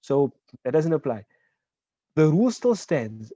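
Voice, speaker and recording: A man's voice: a little high, big pitch swings, dark tone, dry recording. Man teaching over a dull online call. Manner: patient explaining, checks in with "right?"; slowly spells out example words. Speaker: Arabic teacher. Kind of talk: online class lecture. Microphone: video call.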